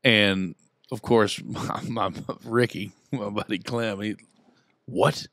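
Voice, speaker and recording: A man's voice: on the low side, fairly even intonation, slow pace, fairly bright tone, no room sound, clean studio sound. A man in his thirties with a Southern Indiana accent, telling a long story in casual chat with his podcast co-hosts. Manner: rambling storyteller, acts out quotes. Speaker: podcast co-host.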